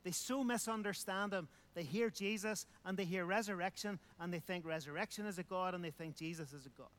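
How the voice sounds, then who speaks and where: A man's voice: high voice, fairly quick, fairly bright tone. A man preaching a sermon, emphatic, repeating phrases and asking rhetorical questions.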